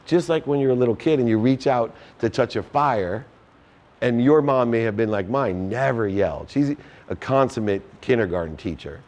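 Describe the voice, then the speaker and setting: A man in his fifties gives a motivational talk to a live meetup crowd while answering their questions. He preaches in long, repetitive lists and acts out the voices of the people he quotes. His voice sits at an everyday middle pitch. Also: normal speed, a little mellow. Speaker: host answering audience questions. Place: meetup before a live audience.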